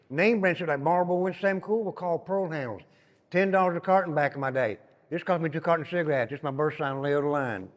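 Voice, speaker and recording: An older man with a Tennessee Southern accent, a former inmate telling stories as he guides a tour through an old prison, emphatic and dropping to a low murmur on his repeated asides. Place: inside an old prison building. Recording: long reverb in hard rooms.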